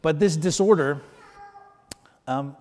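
A man's voice: fairly high pitch, slow pace, a little mellow, long reverb tail. A man preaching a sermon as pastor, talking conversationally and asking rhetorical questions.

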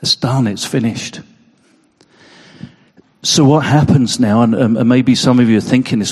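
A man's voice: medium pitch, a little slow, long pauses, slightly rough. An earnest male preacher delivering a Sunday sermon, his voice moved and emotional. He often repeats a word or two as he presses a point home. The sound carries a long reverb from a big church hall. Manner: earnest, repeats words when emphasising.

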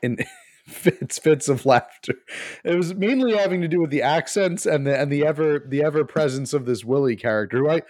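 A man co-hosting a podcast in casual chat, talking in halting, rambling restarts. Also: fairly high pitch, darkish tone, dry recording. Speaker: podcast co-host.

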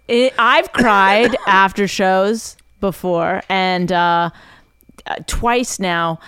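A woman's voice: mid-range voice, extremely slow, fairly bright tone, clean tone, no room sound. Wry woman comedian, dry sound. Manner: wry, self-mocking. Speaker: podcast guest, comedian. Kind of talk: casual chat.

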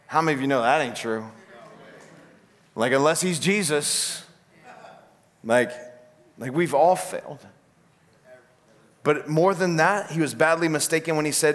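A male pastor with a medium-pitched voice preaches at normal speed, animated, dramatizing the voices he quotes.

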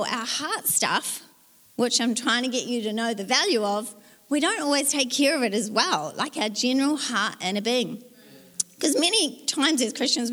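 A woman's voice: a little high, a bit bright. A woman pastor with a New Zealand accent, preaching a sermon in a conversational storytelling way with playful asides. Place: church hall. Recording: church hall with long reverb.

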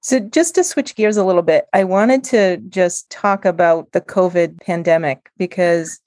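A woman's voice: fairly low pitch, unhurried, a little mellow, no echo. A woman hosting a podcast, asking questions and encouraging her guest with frequent agreement. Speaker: podcast host. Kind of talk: casual interview.

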